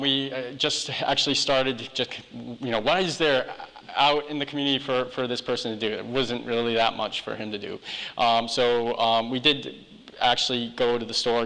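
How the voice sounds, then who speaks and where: A man's voice: medium pitch, level tone, moderate pace, sharp tone. A man, a charity founder being interviewed on a live chat show, talking hesitantly with many ums and restarts. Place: live event hall. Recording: long hall reverb.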